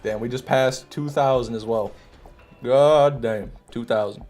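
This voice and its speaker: A young man with a Michigan accent talks casually over his gameplay and answers his chat with teasing, mock-outraged banter. His pitch sits in a middle range, with faint music under his voice. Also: a little slow, a little mellow. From Michigan, USA. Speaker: streamer reading chat. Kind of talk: casual live-stream commentary.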